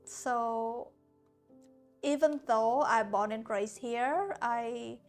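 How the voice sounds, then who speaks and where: Vietnamese-native woman streamer from Hanoi, chatty but halting, slow delivery over quiet background music. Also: on the high side. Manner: halting, searching for words, frequent restarts. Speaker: art streamer. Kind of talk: casual chat with viewers while painting. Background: soft lo-fi music.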